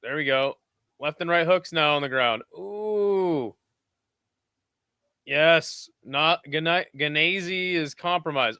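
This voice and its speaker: Brief: young male streamer, lively pitch, smooth clear voice, dry close sound, excitable play-by-play with chat asides. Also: takes it slowly, no room sound. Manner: excitable, shouts and whoops at big moments, chatty asides to chat. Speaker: streamer giving live fight commentary. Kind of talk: casual live-stream commentary.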